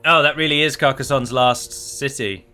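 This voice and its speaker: A man's voice: mid-range voice, moderate pace, sharp tone, soft background music. An Englishman giving chatty, wry let's-play commentary on a strategy game, talking straight to his viewers. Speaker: gameplay commentator.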